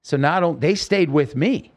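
A man's voice: a little high, normal speed. Man telling a gripping story urgently. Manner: urgent, vivid storytelling in the present tense. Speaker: podcast guest. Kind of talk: recounting a personal story in an interview.

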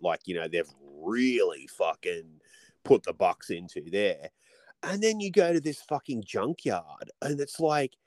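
Man, deep voice, lively swooping delivery, casual podcast chat, dry close sound. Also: dry recording. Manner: rambling, swears a lot, animated storytelling. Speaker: podcast co-host.

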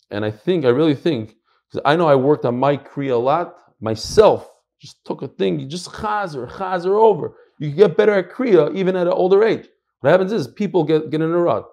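An American man teaching a Talmud class, emphatic and animated, mixing in Hebrew and Yiddish terms. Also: a little high, a little fast. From United States. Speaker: Torah teacher.

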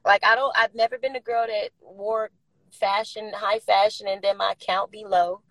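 A woman talking as an interview guest, outgoing, blunt and profane, laughing often and swinging between loud and soft. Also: mid-range voice, fairly even intonation, moderate pace, no echo, poor audio. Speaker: interview guest, recording artist. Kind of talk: candid interview talk.

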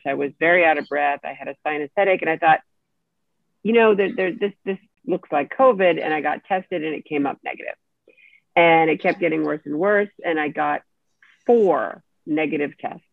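A woman telling a personal story as an interview guest, animated and acting out the people she quotes. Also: lowish voice, creaky, dry recording. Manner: animated, acts out quoted speech. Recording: tinny dry phone line.

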